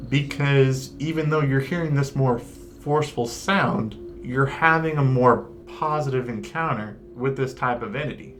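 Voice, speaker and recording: A man co-hosting a paranormal discussion show, chatty and quick in places. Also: medium pitch, a little hiss or hum. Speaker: paranormal podcast co-host. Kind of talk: casual discussion.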